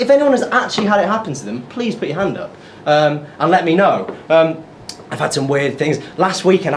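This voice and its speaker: British guy doing stand-up, high-pitched and bouncy, excitable storytelling, noisy live recording. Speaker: stand-up comedian. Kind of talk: stand-up comedy set with crowd work. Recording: live set with clear background noise.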